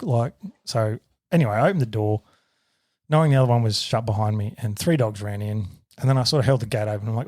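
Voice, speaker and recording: A man in his thirties with an Australian accent, a podcast co-host telling a story in a sweary, animated way. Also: medium pitch, quick pace, no room sound, studio quality. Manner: sweary, animated retelling with shouted quotes. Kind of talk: casual storytelling.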